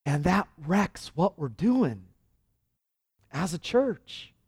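Guy preaching hard, high voice that swings all over, really fired up. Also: sing-song, extremely slow, a little mellow, husky. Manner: impassioned preaching, acting out quoted voices. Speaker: pastor. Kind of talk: sermon.

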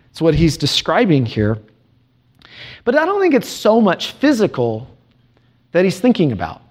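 A male preacher delivering a sermon, earnest and emphatic, asking rhetorical questions and reading scripture aloud in a measured cadence. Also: a little high, huge pitch swings.

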